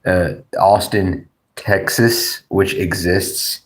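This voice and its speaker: A male streamer with a low, deep voice, chatting at an unhurried pace. He rambles, jokes crudely and greets viewers from chat in a loose, casual way. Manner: rambling, joking, crude, reads chat aloud. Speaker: livestream host.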